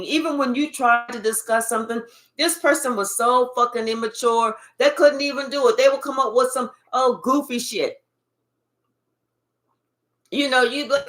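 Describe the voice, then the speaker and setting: A woman's voice: sits high, normal speed, pushed and bright. A woman giving a spiritual reading in an emphatic, profane, repetitive way. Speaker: tarot reader.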